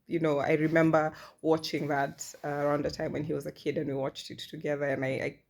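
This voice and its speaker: A woman's voice: deep voice, level tone, a little fast, darkish tone. A woman in her thirties talking candidly in a personal vlog, chatty and self-deprecating. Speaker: vlogger.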